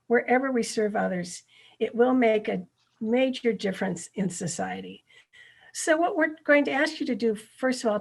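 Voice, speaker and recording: A middle-aged woman gives a ministry workshop over a video call. Her voice is strongly gravelly and husky, at an ordinary pitch. She talks earnestly and often checks in with her listeners. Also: darkish tone. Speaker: workshop presenter.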